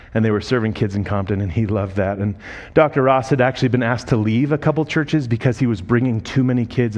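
A man preaching through personal stories in a conversational way, quoting the people in them. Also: fairly low pitch. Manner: emotional, voice rising and breaking when moved; conversational, quotes people in lively voices. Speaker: speaker telling ministry stories. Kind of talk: sermon storytelling.

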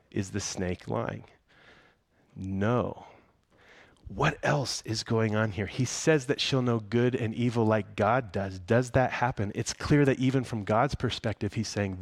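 A man's voice: lowish voice, unhurried, creaky, no room sound. A man preaching a sermon as pastor, conversational and full of rhetorical questions.

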